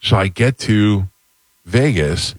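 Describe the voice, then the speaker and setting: A man hosting a podcast, chatting in a relaxed, rambling way. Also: on the low side, slow, dry recording. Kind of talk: casual podcast chat.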